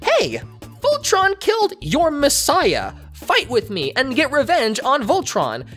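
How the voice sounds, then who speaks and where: A woman's voice: high-pitched, wildly swooping pitch, takes it slowly, a bit bright, faint music behind, pitched above the performer's own voice, exaggerated voice. A woman voicing a scheming, vengeful villainess rallying followers in a mock-grand tone.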